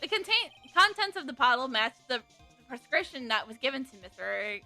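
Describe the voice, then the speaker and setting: Excitable young defense lawyer, bright, animated, yelling his case — woman voicing. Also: high-pitched, a little fast, faint music behind, full character voice. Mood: excited. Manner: excitable, shouting objections.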